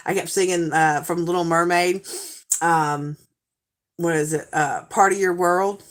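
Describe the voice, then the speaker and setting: A woman in her forties with a Southern accent, chatting casually with viewers on a livestream and telling stories in a lively, animated way. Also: lowish voice, unhurried. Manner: chatty, animated storytelling with frequent laughs. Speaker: livestream host.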